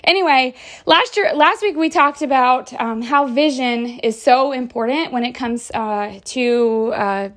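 Upbeat woman hosting a motivational podcast. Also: fairly high pitch. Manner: upbeat, encouraging, chatty with many fillers. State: slightly out of breath. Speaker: podcast host.

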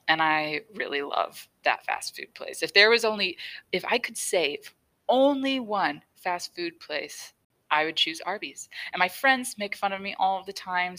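A woman's voice: lowish voice, sharp tone, low-quality recording. A young woman hosting her own podcast, chatting casually and laughing often as she tells a story. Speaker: podcast host. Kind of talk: casual solo podcast talk.

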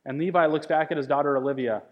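Male pastor, conversational sermon delivery, slightly raised pitch, long hall reverb. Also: quick pace, muffled recording. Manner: conversational, repeats words, builds to emphatic peaks.

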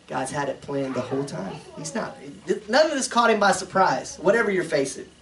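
A high-pitched man teaches scripture verse by verse like a pastor, talking it through casually and chuckling at his own asides. His voice sits some way back from the microphone, so it sounds distant. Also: expressive, brisk, gravelly, a bit bright. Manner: conversational, chuckling asides between readings. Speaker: pastor teaching a Bible study.

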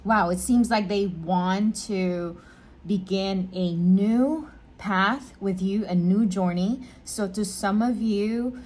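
A woman giving a casual tarot reading to camera, chatty and gentle, often restating her phrases. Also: medium pitch, slow pace. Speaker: psychic tarot reader.

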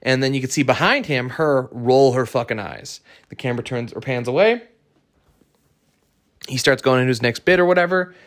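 A young man talks alone into the mic as host of his own show, blunt and opinionated, swearing freely in loose, casual speech. His voice sits in an ordinary middle pitch. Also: normal speed, fairly bright tone. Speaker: podcast host. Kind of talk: casual solo podcast rant.

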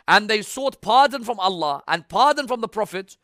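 A man preaching a religious sermon, swinging between loud emphatic appeals and hushed storytelling. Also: sits high, animated, moderate pace, few pauses, no room sound, studio quality.

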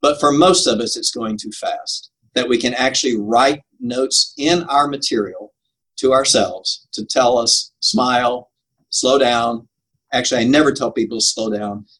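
Older guy w a husky voice talking preaching tips, earnest, leans hard on key words. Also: medium pitch, normal speed, fairly bright tone, rough recording. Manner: earnest, emphatic, laughs at himself. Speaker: preaching coach. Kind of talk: conversational interview answers.

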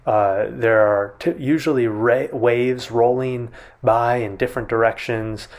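A man's voice: medium pitch, fairly even intonation, unhurried. A man preaching a sermon in a conversational way, often restarting and retelling a scene vividly. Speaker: pastor.

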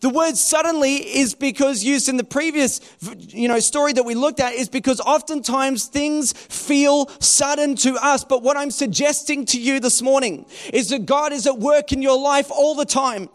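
High-voiced man preaching. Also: normal speed. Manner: conversational preaching with rhetorical questions and restarts. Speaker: pastor. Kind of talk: sermon.

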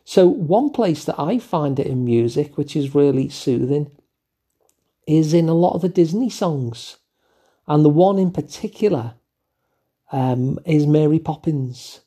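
Gentle, mellow-voiced older English man. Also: fairly high pitch, expressive, unhurried, slightly rough. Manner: gentle, musing, with fillers and asides. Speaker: host. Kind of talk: reflective solo talk.

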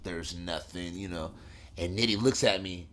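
A man's voice: low voice, normal speed. A young man hosting a podcast, telling a story in slangy, profane casual talk and acting out the voices of the people in it. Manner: animated, acts out voices, swings from hushed whispers to loud excitement. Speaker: podcast host.

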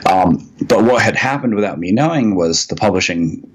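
A man's voice: on the low side, expressive, normal speed, husky. A man, a comics writer, telling a long anecdote as a podcast guest, rambling with frequent ums and restarts. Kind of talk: casual storytelling in a podcast interview.

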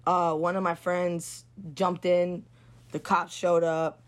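A woman's voice: on the low side, flat delivery, takes it slowly. A young woman telling a story bluntly and casually, swearing freely and filling her talk with "like". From New York. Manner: blunt and profane, lots of "like". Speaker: guest.

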